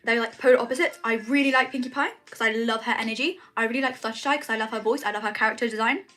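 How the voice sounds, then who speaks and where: A woman's voice: a little high, steady tone, very fast, a bit bright, a little hiss or hum. A young woman chatting casually on a livestream from her room at home, rambling with lots of "like" and "um". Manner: chatty, rambling, says "like" and "um" often. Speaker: streamer.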